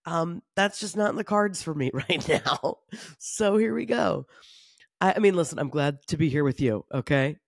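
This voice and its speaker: A woman's voice: low-pitched, animated, moderate pace, gravelly, no room sound, studio quality. A woman hosting her own podcast alone, talking candidly and confessionally, tired and run down, with casual laughs and the odd swear. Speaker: podcast host. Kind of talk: candid solo podcast talk.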